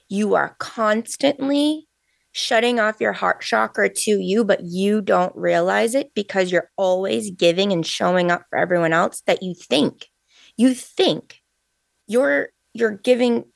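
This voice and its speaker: A woman in her thirties co-hosting a podcast, talking in an open, emotional and animated way. Her voice has a heavy gravelly fry. The sound is close and dry, with no room echo. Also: medium pitch. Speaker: podcast co-host, energy healer. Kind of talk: casual emotional chat.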